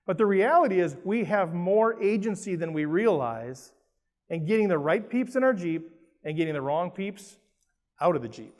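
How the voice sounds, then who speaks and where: A middle-aged Minnesotan man with a rather high voice delivers a lively motivational talk from a conference stage and keeps turning questions to the crowd. His voice carries a long reverb from the big hall. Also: a little fast. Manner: lively and playful, asks the audience questions. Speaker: keynote speaker. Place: large conference hall with an audience.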